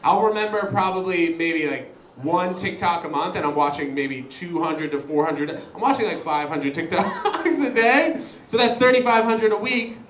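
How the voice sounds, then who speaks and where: A young man performing a stand-up comedy set, chatty and animated, talking straight to the crowd. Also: sits high, moderate pace, reverberant, low-quality recording. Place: comedy show venue.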